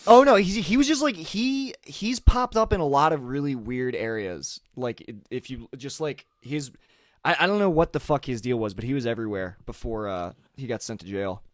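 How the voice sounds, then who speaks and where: Rambling young man, animated voice. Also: medium pitch, moderate pace, dry recording, studio quality. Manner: loose, rambling, lots of "like". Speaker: podcast guest. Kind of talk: casual banter on a video call. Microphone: video call.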